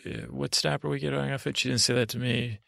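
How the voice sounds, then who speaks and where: Gravelly man telling a rambling bedtime story. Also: mid-range voice, little pitch movement, fairly bright tone, no echo, clean studio sound. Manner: meandering, drowsy, halting. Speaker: podcast host.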